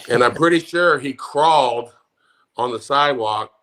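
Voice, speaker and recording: A middle-aged man with a bright, edgy tone rants and swears his way through a casual podcast chat. He sounds fed up and heated as he talks. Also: mid-range voice, normal speed. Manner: angry, profane ranting. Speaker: podcast co-host.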